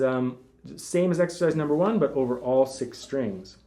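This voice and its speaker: A man giving a casual spoken guitar lesson, talking in a relaxed way between demonstrations, with guitar playing heard behind him. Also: medium pitch, a little fast. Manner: relaxed, talks while demonstrating, counts fingerings aloud. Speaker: guitar teacher. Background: guitar music.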